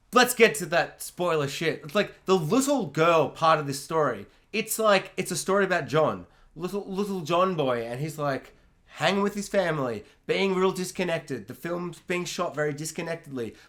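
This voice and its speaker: A man co-hosting a film podcast, talking excitedly and swearing freely as he acts out scenes. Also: on the high side. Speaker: podcast co-host. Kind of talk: casual film discussion.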